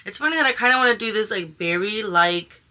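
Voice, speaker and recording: A fast-talking young woman with a sharp, expressive, medium-pitched voice chats her way through a makeup tutorial. As a beauty vlogger, she gushes over shades and uses slang like "she is giving."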